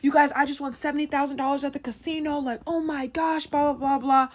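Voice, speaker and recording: Brief: a woman putting on a giddy young winner, high and bubbly. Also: fast, natural voice. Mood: excited. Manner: high and excited.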